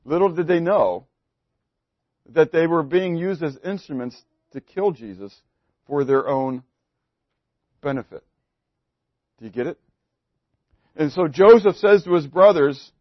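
A man delivers a sermon in a slightly high voice. He swings between loud, pointed emphasis and hushed asides and keeps putting questions to his listeners. The recording is dry and a little dull. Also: animated, measured pace, pauses often, dry recording. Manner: asks the congregation questions. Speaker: pastor.

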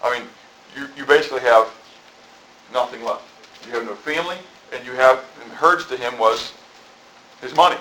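Bright, chatty preacher man. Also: medium pitch, normal speed, pauses often, slight background noise, low-quality recording. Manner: conversational, rambling with asides. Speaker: pastor. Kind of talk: sermon. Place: church.

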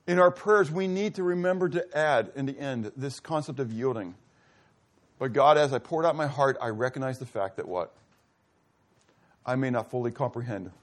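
A male pastor delivers his sermon casually, as if in conversation, often asking the congregation questions and acting out short dialogues. Now and then his voice sinks low and soft.

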